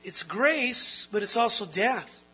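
High, sharp-voiced man preaching a sermon. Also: animated, slow, breathy edge, rough recording. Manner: earnest preaching, rising to loud emphatic stretches; asks the audience rhetorical questions. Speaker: pastor. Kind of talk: expository sermon.

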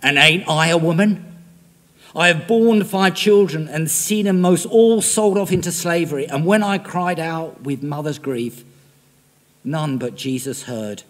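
A man voicing an impassioned elderly woman preacher, declaiming forcefully in a big reverberant hall. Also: fairly high pitch, a little slow, lightly acted. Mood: defiant.

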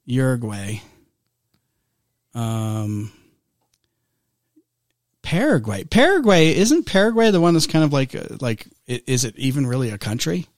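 A man's voice: medium pitch, big pitch swings, a little slow, long pauses, no echo, studio quality. Rambling man in casual podcast chat. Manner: rambling, full of fillers and restarts. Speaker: podcast co-host.

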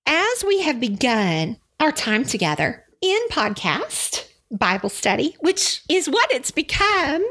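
A woman's voice: high-pitched, big pitch swings, takes it slowly, a bit bright. A Texan woman hosting a Christian devotional podcast, emotional and effusive, sniffling through tears as she talks into her microphone. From Texas. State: teary, sniffling. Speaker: podcast host. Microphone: studio microphone, seated.

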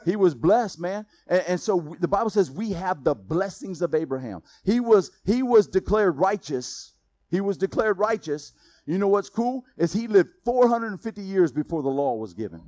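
A man preaching a sermon in a casual, conversational way, laughing at his own asides and swinging between loud emphasis and quiet intensity. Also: sits high, sing-song, normal speed, no room sound. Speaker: pastor.

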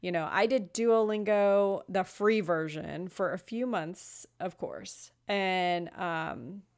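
A woman's voice: lowish voice, slow pace. A woman from Los Angeles co-hosting a podcast, chatting casually, swearing freely and laughing at her own jokes. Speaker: podcast co-host. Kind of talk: casual chat.

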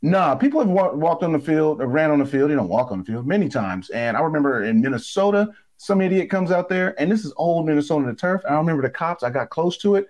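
Former player, man, sports talk guest: emphatic, profane, pitch jumping all over. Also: quick pace, hardly any pauses, lo-fi sound. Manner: animated, emphatic and blunt, swears freely.

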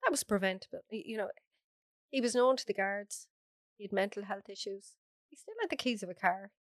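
An Irish woman with a hoarse, bunged-up voice, talking openly and bluntly as an interview guest. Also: medium pitch, fairly quick, dry recording, studio quality. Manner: frank, chatty, laughs often. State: hoarse from a cold. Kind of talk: casual interview chat.

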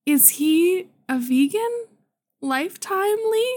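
A woman's voice: extremely high pitch, takes it slowly. A woman in her thirties co-hosting a podcast, chatting casually and telling a story with lots of laughter. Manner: playful, laughing, animated storytelling. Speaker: podcast co-host. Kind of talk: casual chat.

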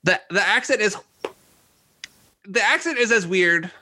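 A man's voice: sits high, expressive, a little slow, pushed and bright, slight background noise. A man co-hosting a casual podcast chat, swearing freely and talking in an opinionated, jokey way. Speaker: podcast co-host.

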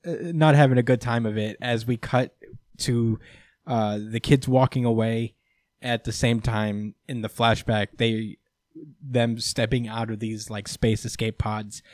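An easygoing man co-hosting a recap podcast, chatting casually and laughing between sentences. He swears freely and sits at an ordinary, middle pitch. The sound is close and dry, with no room around it. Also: fairly even intonation, unhurried, a little mellow, no echo. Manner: laughing, profane, acts out quotes. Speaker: podcast co-host.

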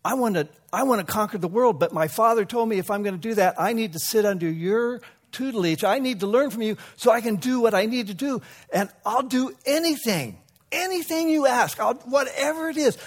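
A man voicing a proud, hot-headed young prince who pleads eagerly and then shouts in indignation. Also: very high voice, lively intonation, slow pace, hardly any pauses, pitched above the performer's own voice, heavily acted. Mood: eager pleading. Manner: indignant, pleading, loud outbursts.

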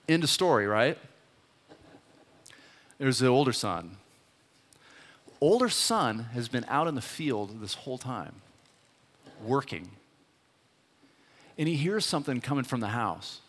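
A man preaching a sermon, retelling a story in a lively, conversational way and speaking directly to the congregation. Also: mid-range voice. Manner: animated storyteller, talks straight to the congregation. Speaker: pastor. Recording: long hall reverb.

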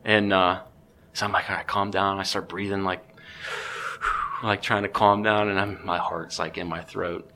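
A man, a podcast guest, telling a story in a casual, excitable way with many restarts. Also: deep voice, a little slow, background noise.

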